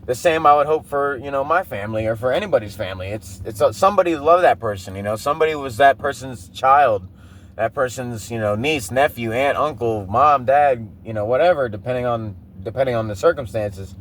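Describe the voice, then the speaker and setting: A man's voice: medium pitch, brisk, fairly bright tone, slight background noise. A man in his thirties hosting a podcast, telling a rambling, profane personal story and often breaking into laughter. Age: 30s. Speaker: podcast host. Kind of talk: casual monologue.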